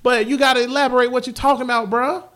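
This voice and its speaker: A man hosts a casual podcast. His voice sits high and he talks at a fast clip, loud and emphatic, always joking. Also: crowd noise. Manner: animated, loud and emphatic, jokey. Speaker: podcast host.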